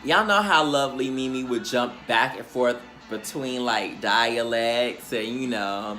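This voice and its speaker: A man dishes a sassy, profane reality show recap in a mid-pitched voice. He talks in an animated way, full of attitude. Faint music sits behind him. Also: unhurried, few pauses. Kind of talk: casual recap commentary.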